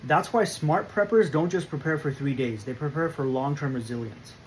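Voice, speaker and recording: A man hosting a prepping channel, delivering a scripted explainer monologue in a firm, emphatic, measured way. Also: fairly high pitch, slight background noise, rough recording.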